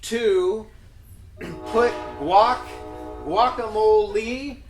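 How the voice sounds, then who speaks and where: A man improvising a comic business pitch, hesitant and full of fillers, often chuckling at himself. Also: very slow, music in the background. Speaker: pitch presenter. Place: event room. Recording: echoey room with background noise.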